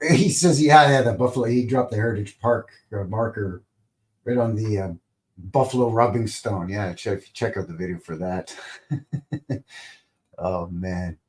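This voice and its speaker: Rambling and playful, this livestream host chats casually and adds silly sound effects along the way. He speaks in a lowish voice at an unhurried pace, leaving long pauses.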